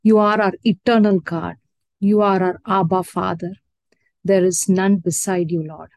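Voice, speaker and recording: A woman leading a spoken prayer in a devout, repetitive way, softening at the end of each phrase. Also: medium pitch, fairly even intonation, unhurried, dry recording. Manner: devout, repetitive, fading to soft at phrase ends. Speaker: prayer leader.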